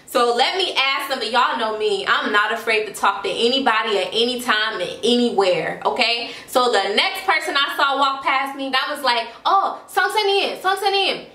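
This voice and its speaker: Bright high-voiced American woman storyteller. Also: moderate pace, hardly any pauses, echoey room. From United States. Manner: animated, dramatic storyteller with slangy asides and laughs. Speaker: vlogger. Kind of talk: storytime vlog.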